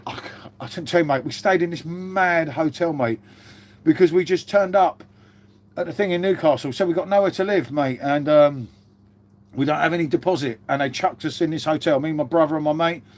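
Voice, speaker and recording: A man in his fifties talks on a casual live stream, his voice sitting a touch high for a man. He rambles from one story to the next, swears freely and tacks "mate" onto nearly every sentence. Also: fairly quick, a little mellow. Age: 50s.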